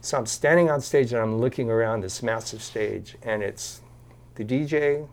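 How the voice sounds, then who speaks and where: Speaking at normal speed in a mid-range voice, this man is a guest on a podcast recorded over video call. He tells his story with animation, performing each character's quotes in their own voice.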